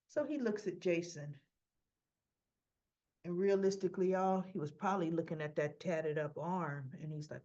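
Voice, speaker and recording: A woman's voice: fairly low pitch, normal speed, warm tone, dull audio. A woman chatting through a casual soap opera episode recap, acting out the characters' lines as she goes.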